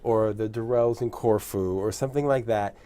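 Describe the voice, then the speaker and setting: A man's voice: lowish voice, steady tone, moderate pace, mellow, smooth. A man in a casual chat as a guest, rambling from topic to topic and laughing often.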